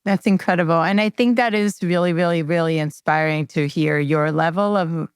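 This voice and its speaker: Interview host, woman, smooth low-ish voice, dry close sound. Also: normal speed, no room sound. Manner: effusive, enthusiastic praise. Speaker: podcast host.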